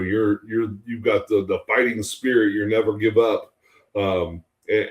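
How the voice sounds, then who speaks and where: Low-voiced rambling man in an echoey room. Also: darkish tone. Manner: rambling, many fillers. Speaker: podcast co-host. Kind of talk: casual podcast chat.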